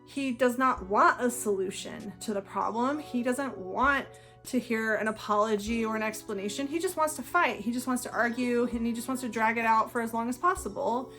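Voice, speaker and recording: A woman's voice: a little high, moderate pace, a bit bright, soft background music. A woman hosting an explanatory talk to camera, earnest and emphatic, often repeating phrases for stress. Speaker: video host.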